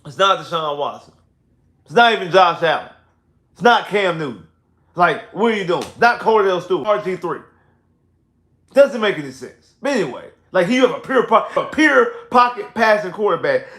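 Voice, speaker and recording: A man's voice: sits high, fairly bright tone, reverberant. A man hosting a casual postgame sports livestream, talking in an emphatic, repetitive way that grows heated and exasperated. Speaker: sports talk livestream host. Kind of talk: casual postgame football rant. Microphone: headphones and home streaming setup.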